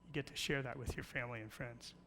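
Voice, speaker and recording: A middle-aged man gives a playful church presentation with slides as a guest speaker on creation, asking questions and telling jokes. His mid-range voice is fairly even, quick, and fairly bright, with slight background noise. The large church hall gives a long reverb.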